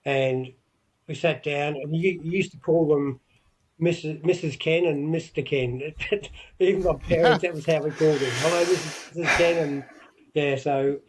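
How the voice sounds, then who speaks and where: An Australian man speaks in a casual interview, his voice sitting a little high. He states his opinions bluntly and hammers them home with repeated words. A faint background noise runs under him. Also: fairly even intonation, moderate pace, poor audio. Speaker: guest, veteran wrestler.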